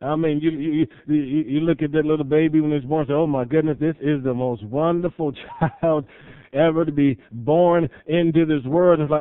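A man preaching a sermon as pastor, rising to loud emphatic peaks and dropping to soft, drawn-out lines. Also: fairly high pitch, fairly even intonation, smooth, dry recording. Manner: swells loud then drops soft, dramatic pauses. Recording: tinny phone-like sound.

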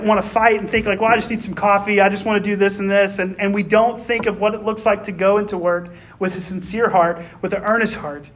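A man with a fairly high-pitched voice delivers a relaxed, conversational sermon. He talks like he's chatting with friends, dropping quick tag questions and stories from his own life as he explains the scripture. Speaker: pastor.

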